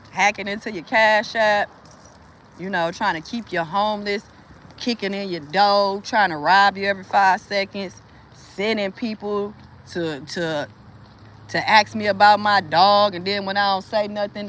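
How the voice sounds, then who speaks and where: A woman's voice: mid-range voice, a bit bright, a little hiss or hum. A woman vlogger venting in a casual, profane monologue, laughing often, with speech.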